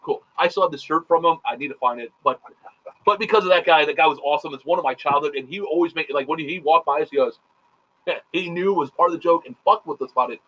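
A man hosting a casual podcast chat, telling stories quickly and profanely, with lots of quoted back-and-forth. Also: a little high, bright, forceful tone, poor audio. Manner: rapid, profane storytelling full of quoted dialogue. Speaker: podcast host.

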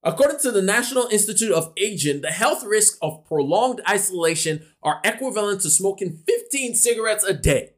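A man with a slightly high voice gives an emphatic motivational talk about money. He hammers points home by repeating them and acts out little imagined conversations. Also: expressive, fairly quick, hardly any pauses. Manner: emphatic, repeats key lines for stress. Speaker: personal finance talker.

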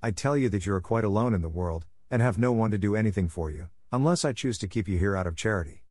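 A man's voice: on the low side, quick pace, a little mellow, natural voice. A man voicing a stern, cold middle-aged headmistress who talks down to a child. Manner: harsh, scolding.

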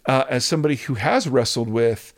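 A middle-aged man and pastor talking through faith in an earnest, animated conversational way, often restarting his sentences. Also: mid-range voice, brisk, no echo, studio quality.

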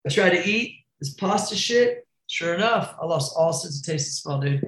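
A man's voice: fairly high pitch, animated, moderate pace, a bit bright, reverberant, poor audio. A man telling a wild crash story in casual, profane slang, calling the listener bro and dude. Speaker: podcast guest, BMX rider.

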